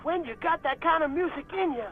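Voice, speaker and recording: A man's voice: extremely high pitch, brisk, soft background music. An actor playing a laid-back, crude male radio DJ who talks in drawling slang, heard through a phone line in a video game. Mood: stoked. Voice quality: drawling slangy talk, heavy swearing.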